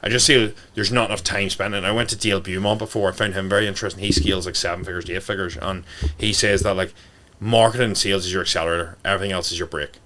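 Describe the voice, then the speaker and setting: A man's voice: sits low, fairly even intonation, racing, noisy background. A man, a fitness coach guesting on a podcast, talking bluntly and swearing freely. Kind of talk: casual podcast talk.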